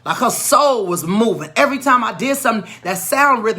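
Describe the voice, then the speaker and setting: An animated woman educator tells a story from her teaching. Her voice is bright and forceful, and she acts out the voices of the people in it. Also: fairly high pitch, a little fast. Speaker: educator and tutor.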